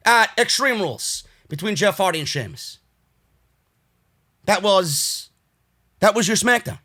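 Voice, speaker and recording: Fired-up male show reviewer, New York accent, high bright voice, profane rants that boil over into shouting. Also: animated, measured pace, long pauses. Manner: furious profane ranting, swinging between shouting and weary grumbling. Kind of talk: angry ranting show review.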